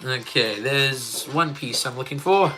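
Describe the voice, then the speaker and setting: Australian dude rambling on a lego stream, bright voice, lots of ums, some quiet music behind. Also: male voice, mid-range voice, a little slow. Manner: chatty, rambling, with many fillers. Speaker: streamer building Lego and reading chat. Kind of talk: casual live-stream chat.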